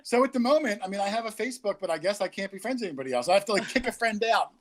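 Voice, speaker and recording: A man's voice: high-pitched, animated, very fast. A man appearing as a guest on a live podcast, chatting casually over a video call with a joking, self-deprecating, rambling manner.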